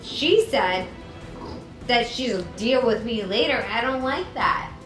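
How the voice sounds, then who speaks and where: A woman's voice: on the high side, animated, slow, a bit bright, echoey room, soft background music, rough recording. A woman voicing an offended woman on her birthday, in a sulky, aggrieved way.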